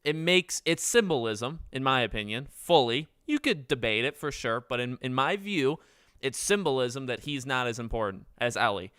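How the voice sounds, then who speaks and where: A man's voice: medium pitch, lively intonation, normal speed, sharp tone, clear, resonant tone, dry recording, clean studio sound. A man in his twenties hosting a casual livestream, chatting with viewers in a rambling, self-correcting way. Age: 20s. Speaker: livestream host.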